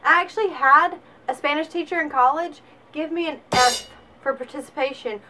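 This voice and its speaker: High, bright sarcastic Southern woman. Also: normal speed. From Alabama, US. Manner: sarcastic, animated. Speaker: vlogger. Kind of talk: comedic vlog monologue.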